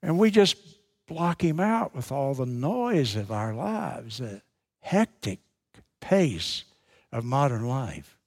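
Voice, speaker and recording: Male pastor, unhurried sermon delivery, mid-pitched, leans on repetition and pauses. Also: sing-song, darkish tone. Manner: emphatic preaching with dramatic pauses, repeats key phrases.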